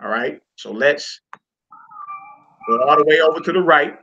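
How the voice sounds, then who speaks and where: A man teaching a Hebrew reading class in a relaxed, informal way, talking to students while he works the screen. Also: on the high side, moderate pace, faint music behind. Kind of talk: casual online class lesson. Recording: lo-fi recording.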